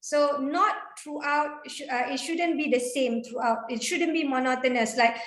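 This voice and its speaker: A woman talks energetically in a high voice, giving speaking tips to a panel. Her voice rings in an echoey room. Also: normal speed. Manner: energetic, chatty, demonstrates intonation with examples. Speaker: guest speaker on public speaking. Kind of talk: online panel talk.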